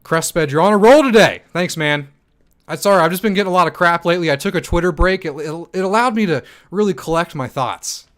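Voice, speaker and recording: A young man hosting a livestream Q&A, reading chat comments aloud and answering in a hyped, fast manner with many ums and restarts. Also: a little high, fairly bright tone. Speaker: stake pool operator and channel host.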